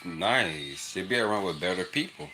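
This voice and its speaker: A man's voice: low voice, expressive, normal speed, music in the background. A young man rambling and laughing in a casual livestream chat with a child nearby. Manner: rambling, repetitive, laughs often. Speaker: livestream host.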